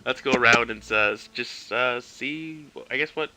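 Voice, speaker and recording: A man's voice: mid-range voice, moderate pace, bright, forceful tone, low-quality recording. A man from Canada hosting a casual gaming league podcast, laughing and joking loosely. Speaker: podcast host.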